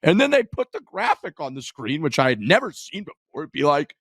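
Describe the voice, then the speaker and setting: A man co-hosting a golf podcast, talking through a big moment in an excited, profane, rambling way. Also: fairly high pitch, brisk, vocal fry, breathy edge, dry recording, clean studio sound. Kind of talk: casual chat.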